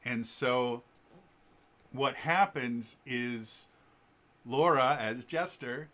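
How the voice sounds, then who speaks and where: A man vlogging, retelling a game scene casually in an animated, rambling way with many fillers. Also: mid-range voice, extremely slow. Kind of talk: casual storytelling vlog.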